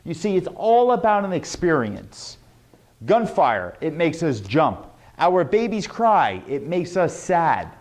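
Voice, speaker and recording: A young adult man teaching a sales lesson, animated and demonstrating tones with his own voice. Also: a little high, slow. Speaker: sales trainer.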